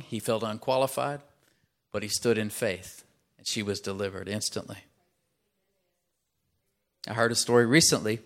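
A man preaching a sermon, telling stories and acting out his characters in a raised voice, building to loud, emphatic peaks. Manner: acts out quoted characters in a higher voice. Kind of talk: sermon with storytelling.

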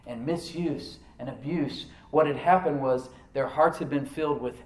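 A pastor preaching in a roomy, echoing church, picked up from some distance off the mic. He is animated, firing rhetorical questions at the congregation and dropping into soft asides. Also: a little high, moderate pace. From United States. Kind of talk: sermon.

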